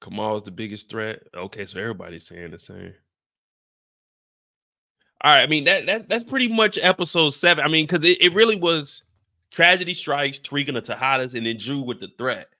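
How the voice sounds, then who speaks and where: Bright-voiced, laughing male YouTuber. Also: mid-range voice, lively intonation, brisk. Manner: loose and laughing, slangy, trails off into sighs. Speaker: YouTuber breaking down a TV show. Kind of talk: casual commentary.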